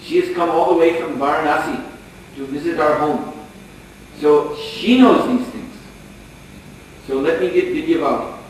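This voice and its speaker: Man doing a motherly older lady, soothing, bit high, echoey room far from the mic. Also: normal speed, natural voice. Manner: soothing and gently chiding. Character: calm, motherly older woman who soothes and scolds. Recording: echoey hall, distant mic, faint noise.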